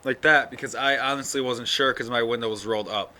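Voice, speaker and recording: A sleepy man rambles through his own podcast in a loose solo monologue, swearing freely and yawning between thoughts. His voice is bright and forceful at an ordinary pitch. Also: steady tone, quick pace. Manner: rambling, yawning, profane, full of fillers. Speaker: podcast host.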